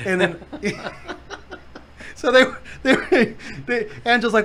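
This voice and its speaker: A man with a very high voice hosts a podcast, speaking slowly with long pauses over a faint hiss or hum. He's an animated storyteller in casual conversation, acting out quotes and laughing a lot.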